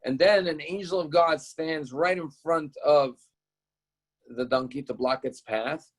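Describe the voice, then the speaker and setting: A man's voice: on the high side, a little slow, low-quality recording. A male rabbi teaching a Torah lesson, retelling a story in an explanatory, storytelling way.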